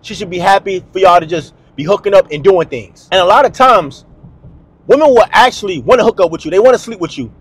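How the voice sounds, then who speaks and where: A man's voice: sits high, lively intonation, quick pace, breathy edge, dry recording. A man hosting a dating advice video, talking bluntly and emphatically to camera in a slangy, repetitive way. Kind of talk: direct-to-camera advice monologue.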